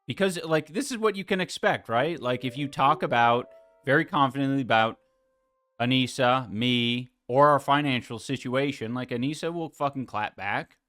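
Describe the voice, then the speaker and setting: A man's voice: mid-range voice, moderate pace, sharp tone, faint music behind. A man hosting a podcast stream, reacting to a clip with exasperated, sarcastic commentary and plenty of swearing.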